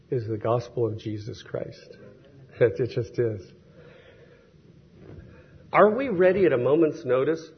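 A man's voice: mid-range voice, breathy edge, highs cut off. A man preaching a sermon in a conversational, storytelling way, acting out the people he quotes.

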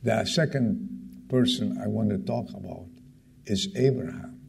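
A man's voice: on the low side, measured pace, vocal fry, a little mellow, slight background noise. A man preaching a sermon who stresses key words by repeating them and puts direct questions to the congregation.

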